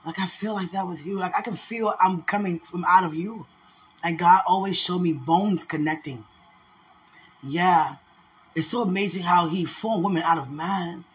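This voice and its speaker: A woman's voice: fairly low pitch, moderate pace. A woman in an emotional casual talk to her partner, effusive and prayerful, repeating her words.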